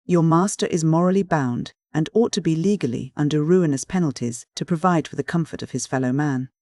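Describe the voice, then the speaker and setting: A narrator voicing a loud, pompous middle-aged male philanthropist who talks in a booming, ferocious manner, in a storybook reading. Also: a little fast, dry recording, clean studio sound, close to an everyday voice. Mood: blustering.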